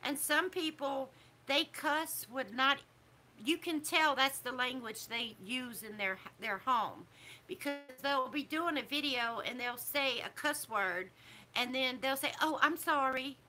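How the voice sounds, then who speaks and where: A middle-aged woman, talking casually to camera as a vlogger in a disapproving, preachy way with drawn-out emphasis. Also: high-pitched, pushed and bright. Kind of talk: casual opinion talk to camera.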